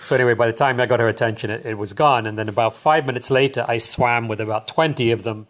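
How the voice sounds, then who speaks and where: A middle-aged man talks as a podcast guest at a mid-range pitch. He rambles through his stories with plenty of fillers, and he sounds enthusiastic and chuckles often. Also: fast, fairly bright tone. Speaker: dive shop owner, guest. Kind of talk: casual storytelling interview.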